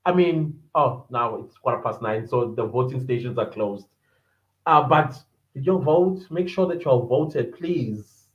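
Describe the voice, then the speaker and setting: A man with a medium-pitched, animated voice hosts a livestream podcast at an unhurried pace, chatting casually and laughing often. He greets viewers by name as he reads their live-chat comments aloud. The room is echoey and the sound is dull and lo-fi.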